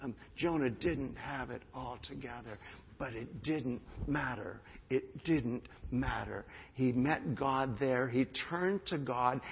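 A man's voice: mid-range voice, takes it slowly, creaky, breathy edge. A male pastor preaching a sermon, stressing and repeating key phrases, then rising into fervent prayer. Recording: dull sound with long hall reverb.

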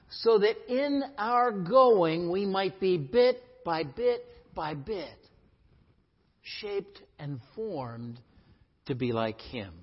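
A male pastor preaching a sermon, animated and emphatic, often asking questions of his listeners. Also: sits high, husky. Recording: echoey hall, dull lo-fi sound.

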